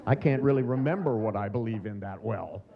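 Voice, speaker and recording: A man's voice: lowish voice, brisk, creaky. A man in his sixties giving a humorous seminar lecture, sardonic in tone and acting out the voices he quotes. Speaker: seminar trainer. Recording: dull lo-fi recording with faint noise.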